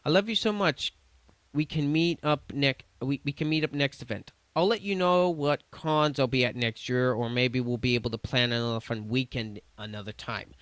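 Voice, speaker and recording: Smooth-voiced man reading messages on stream. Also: mid-range voice, a bit bright, no room sound. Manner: casual, stumbling reading with restarts and swearing.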